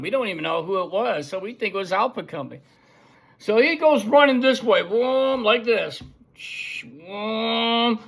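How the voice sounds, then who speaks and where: A middle-aged man tells an old army story in a casual, animated way, with a voice that sits a bit high for a man. He acts out the gunfire with his own boom and pop sounds, and he shouts out the lines of the people in the story. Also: unhurried, creaky. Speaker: show host telling a story.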